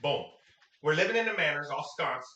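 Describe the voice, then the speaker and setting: A man from Sacramento tells a story to camera in a slangy, animated way, his voice high and swinging. The tone is bright and sharp. He is recorded in an echoey room. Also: fairly quick. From Sacramento, California. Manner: animated, slangy, acts out quotes.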